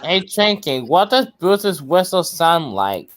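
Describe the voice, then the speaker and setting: A man's voice: on the high side, very animated, slow pace, a bit bright. A man on a casual livestream, curious and asking question after question. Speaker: stream guest. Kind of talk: casual stream chat.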